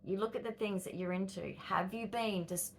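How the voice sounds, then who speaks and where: A woman's voice: mid-range voice, fairly even intonation, normal speed, slight background noise. An Australian woman in her fifties vlogging, talking straight to her viewers and acting out inner voices with exclamations and sighs. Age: 50s. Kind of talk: direct-to-camera vlog monologue.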